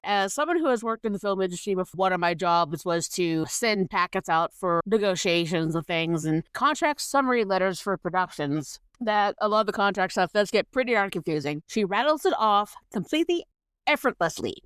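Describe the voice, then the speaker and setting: A woman's voice: medium pitch, expressive, a little fast, few pauses, fairly bright tone, clear, resonant tone, no room sound. A woman co-hosting a podcast, explaining things in an earnest, chatty way. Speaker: podcast co-host. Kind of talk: casual chat.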